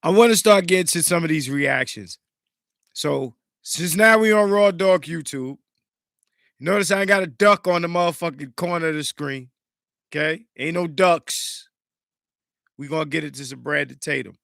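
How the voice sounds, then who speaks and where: A man hosting a podcast in a casual, profane, animated way, greeting live chat viewers, sounding slightly congested. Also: a little high, moderate pace, creaky, dry recording, clean studio sound. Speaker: podcast host.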